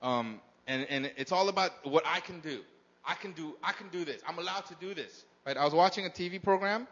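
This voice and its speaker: A man's voice: fairly high pitch, fairly quick, a bit bright, highs cut off. A man preaching a sermon to his congregation, talking casually and often asking the crowd questions. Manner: conversational, asks the crowd questions. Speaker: pastor. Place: church in Korea.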